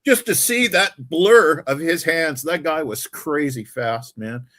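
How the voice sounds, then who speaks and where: A man's voice: on the high side, a little slow, a bit bright. Middle-aged man telling concert stories. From Canada. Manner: storytelling, repeats words, ends lines with "man". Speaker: co-host. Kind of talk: casual chat.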